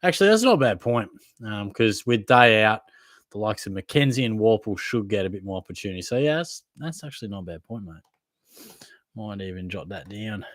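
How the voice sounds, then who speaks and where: A man's voice: fairly low pitch, lively intonation, normal speed, dry recording, clean studio sound. A young Australian man hosting a casual live Q&A, reading viewer comments in a laid-back, matey way. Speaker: fantasy football livestream host.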